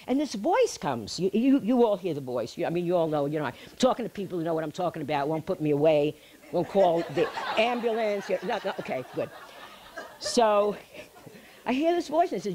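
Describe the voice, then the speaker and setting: A middle-aged woman speaks to a live audience. Her voice rises and falls a lot as she tells a personal story. She talks in a chatty, animated way and laughs at her own tale. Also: on the low side, a little fast. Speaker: speaker giving a healing talk.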